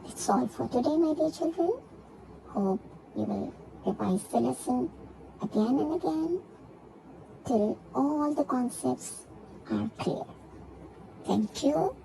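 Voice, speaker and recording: Woman teacher talkin real slow to little kids, repeats every word, gravelly voice, bit of background noise. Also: high voice, animated. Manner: repeats each word slowly and spells out syllables. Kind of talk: recorded grammar lesson for young children.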